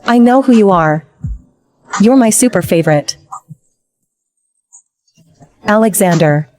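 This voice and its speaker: A young secretary who has been reborn and is quietly scheming. She speaks in a dubbed drama at a middle pitch and drops playful asides to herself. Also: animated, takes it slowly. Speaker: secretary Rachel.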